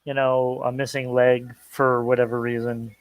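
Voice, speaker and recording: A man's voice: medium pitch, level tone, normal speed, crowd noise. A man co-hosting a casual pop culture talk show, chatty and easygoing, plugging the show's channels and trailing off into restarts.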